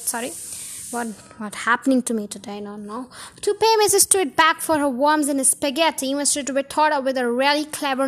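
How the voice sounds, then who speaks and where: High-voiced woman reading a story aloud. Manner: chatty, self-correcting with little apologies. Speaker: podcast storyteller. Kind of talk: casual read-aloud storytelling.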